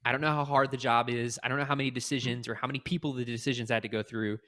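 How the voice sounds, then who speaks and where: A man's voice: medium pitch, racing. A man in his late twenties from North Carolina, co-hosting a podcast in casual chat and getting heated as he rants. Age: 20s. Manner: excitable, ranting, voice jumps when heated. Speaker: podcast co-host.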